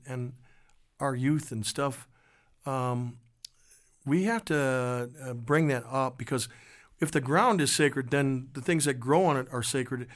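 Casting note: male musician guest, earnest storytelling voice, halting and reflective. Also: medium pitch. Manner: earnest, halting with restarts and fillers.

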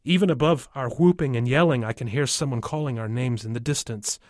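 A man calmly narrating a first-person story from a child's view. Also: medium pitch, fairly quick, dry recording, clean studio sound. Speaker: audiobook narrator.

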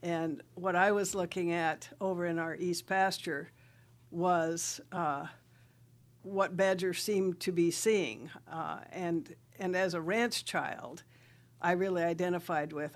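An older woman from South Dakota speaks as a guest writer and rancher. She tells her stories in a lively way, laughing often and breaking into recited verse. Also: on the low side, slow. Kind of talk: radio interview storytelling.

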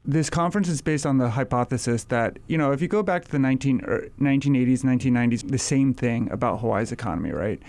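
A man explains economic policy in a studio interview. He thinks aloud and checks in with "right?". His voice has a middle pitch. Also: quick pace, few pauses, darkish tone. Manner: thoughtful, explaining, says "right?" often. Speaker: state tax research officer.

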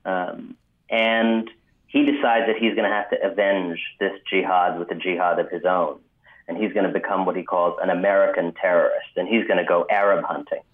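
A man recounting a story on a radio interview, unhurried and dotted with ums. His voice sits very low. It comes through a thin, tinny phone line. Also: steady tone. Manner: measured, many ums, vivid retelling. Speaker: author guest.

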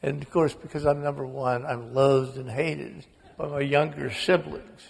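Gravelly older man telling wry stories. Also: mid-range voice, fairly even intonation, unhurried, long reverb tail. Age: 60s. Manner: wry, self-mocking storyteller. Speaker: author, interview guest. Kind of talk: storytelling in a radio interview.

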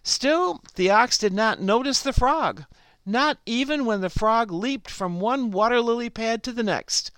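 A woman host reads a fable aloud at an unhurried, deliberate pace. Her voice is smooth and clear. The recording is dry and close, with no room sound. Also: fairly high pitch, fairly bright tone, no room sound. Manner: slow, unhurried read-aloud delivery. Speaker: program host and storyteller. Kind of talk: scripted story narration.

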